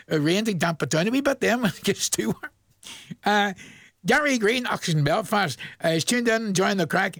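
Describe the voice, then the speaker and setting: A Northern Irish man hosting local radio, chatting to his listeners in a folksy, joking way. His voice sits high for a man and has a gravelly edge. The studio sound is dry and close. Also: a bit bright, no echo. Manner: folksy, jokey, talks straight to listeners. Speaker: radio presenter. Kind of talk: chatty local radio shout-outs and quiz.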